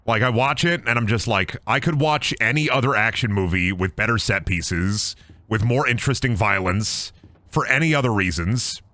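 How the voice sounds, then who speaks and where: A man's voice: lowish voice, moderate pace, pushed and bright, dry recording. A man streaming a game, chatting casually with jokes, swearing and silly sing-song voices. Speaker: gaming streamer. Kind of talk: casual live-stream chat over gameplay.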